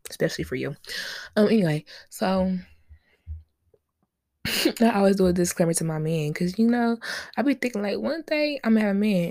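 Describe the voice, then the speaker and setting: A woman's voice: medium pitch, dark tone, dry recording, studio quality. A young woman hosting a solo podcast, chatting casually with lots of slang, rambling asides and frequent laughs. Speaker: podcast host.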